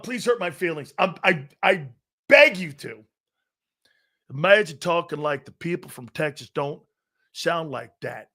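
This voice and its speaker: Brash, high-voiced male sports show host. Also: pushed and bright. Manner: brash, profane, mocking. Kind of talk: casual sports talk rant.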